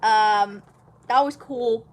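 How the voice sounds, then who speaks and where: A woman's voice: a little high, very slow. A young woman chatting casually on a livestream, telling stories in a chatty, giggly way. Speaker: singer and livestream host.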